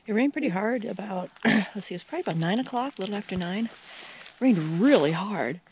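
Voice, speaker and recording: A woman vlogs her hike at an outdoor campsite beside a trail shelter, chatting casually into a handheld camera she holds herself. Her medium-pitched voice is brisk and relaxed, with many fillers, and there's slight background noise.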